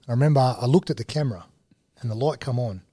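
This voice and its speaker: An Australian man in his thirties, a laid-back, slangy storyteller guesting on a podcast. His voice sits at an ordinary middle pitch. The sound is dry and close, with no room echo. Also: animated, quick pace, mellow, breathy edge. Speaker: guest, TV host and former rugby league player. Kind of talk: casual storytelling interview.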